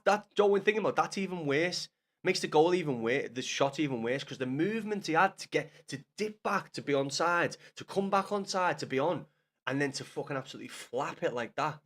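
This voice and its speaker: A young man with a Liverpool Scouse accent and a fairly high, slightly bright voice chats casually about football on a live stream. He rambles, swears and addresses viewers by name.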